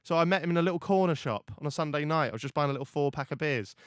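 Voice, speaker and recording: This young man hosts a podcast in a voice on the high side, talking rapid-fire with a clean tone in a clean, echo-free studio. It's casual chat where he tells stories animatedly, swearing and restarting often.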